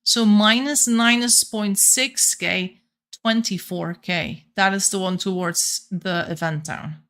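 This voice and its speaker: A Flemish woman from Belgium whose first language is Flemish, chatting casually with viewers on a game stream, a little monotone at times. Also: mid-range voice, slow pace. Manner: a bit monotone at times, laughs often.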